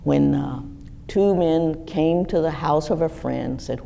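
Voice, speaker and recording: A woman in her sixties telling personal stories to a live audience in a lively, animated way. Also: measured pace, creaky, a little hiss or hum. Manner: lively, animated storytelling with wide pitch swings. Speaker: guest speaker. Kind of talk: storytelling talk to a live audience.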